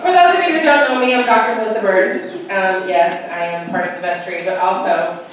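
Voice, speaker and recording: A woman from Utah giving a casual, humorous farewell speech to a church gathering, animated and self-mocking, laughing often. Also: medium pitch, brisk. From Utah, United States. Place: church hall in front of a gathering. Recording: echoey hall, distant mic, faint hiss.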